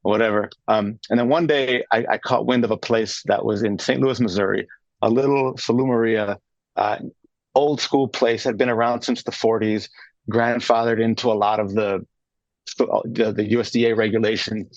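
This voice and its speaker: A man's voice: fairly low pitch, fairly even intonation, normal speed, no room sound, lo-fi sound. A man in his thirties, a guest on a radio interview, telling his story in a rambling way with many restarts and fillers. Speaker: guest, charcuterie maker. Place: radio studio.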